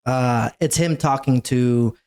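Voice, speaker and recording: A young man co-hosting a podcast in casual chat, teasing and playfully flattering his partner. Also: mid-range voice, slow pace, smooth. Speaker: podcast co-host.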